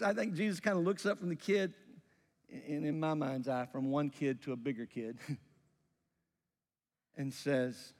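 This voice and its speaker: Conversational pastor in an echoing hall. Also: male voice, a little high, normal speed. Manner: conversational, animated storytelling with rising emphasis. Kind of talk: sermon.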